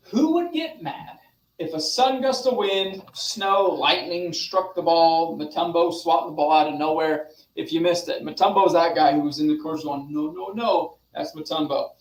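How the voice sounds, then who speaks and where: A young adult man coaching a group over a video call, animated and demonstrative, talking straight to his listeners. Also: a little high, roomy sound, distant mic, poor audio. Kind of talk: motivational online session.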